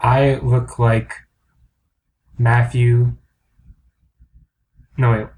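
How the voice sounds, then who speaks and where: A man's voice: medium pitch, little pitch movement, extremely slow, a little mellow. A man co-hosting a comedy podcast in casual chat, rambling, crude and self-mocking. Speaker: podcast co-host.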